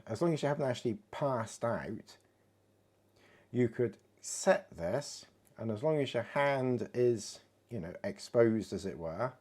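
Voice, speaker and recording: A British man reviews a watch in a relaxed, chatty demo, giggling at his own jokes. His voice sits on the low side with a somewhat dark tone.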